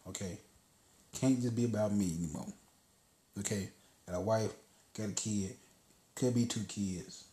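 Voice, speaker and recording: A man's voice: lowish voice, unhurried, pauses often, mellow. A man hosting a podcast, telling a story in a loose, casual monologue and swearing freely. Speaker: podcast host. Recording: roomy echo.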